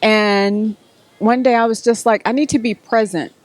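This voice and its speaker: A woman's voice: a little high, steady tone, normal speed, no room sound. Storytelling middle-aged woman author. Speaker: author and guest. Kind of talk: casual interview answers.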